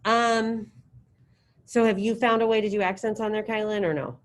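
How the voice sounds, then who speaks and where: A middle-aged woman teaching a high school Spanish class, leading drills in a chatty, encouraging way. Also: steady tone, normal speed, poor audio. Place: classroom with students present and online.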